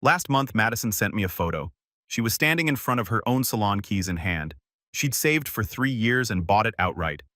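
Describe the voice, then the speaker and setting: A man calmly narrating a first-person story in an even storytelling voice, recorded close to the mic. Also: on the low side, normal speed, no echo.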